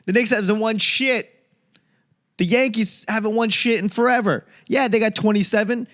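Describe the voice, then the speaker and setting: A man's voice: sits high, fairly quick. A man from the United States, a comedian and podcast host, rambling through a solo monologue full of profane, ranting tangents and comic asides.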